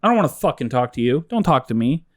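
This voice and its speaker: A man's voice: mid-range voice, big pitch swings, quick pace. A young man co-hosting a comedy podcast, ranting and swearing in casual chat. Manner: ranting, profane, exasperated. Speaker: podcast co-host.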